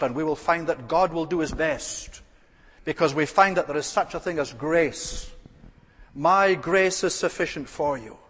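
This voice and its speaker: A man's voice: a little high, fairly bright tone, husky. A man preaching an earnest expository sermon, asking rhetorical questions and stressing key phrases. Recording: reverberant hall.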